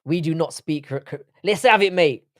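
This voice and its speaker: Here the London-accented streamer from England sounds a little high and a bit bright, speaking at a normal speed. He casually chats with his viewers, trading profane jokes and banter.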